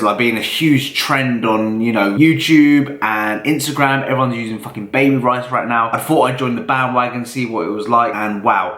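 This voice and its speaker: A man's voice: medium pitch, a bit bright, a little hiss or hum. A young man, a bodybuilder vlogger, chatting casually and bluntly to the camera in his home kitchen, swearing freely. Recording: echoey room.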